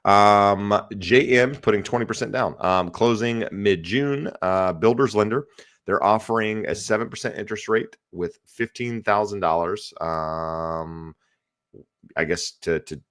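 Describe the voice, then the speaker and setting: A man's voice: lowish voice, unhurried, fairly bright tone, smooth. A man hosting a live podcast, chatty and upbeat, thanking viewers and reading out their questions. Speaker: podcast host, real estate agent. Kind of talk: casual live-stream hosting.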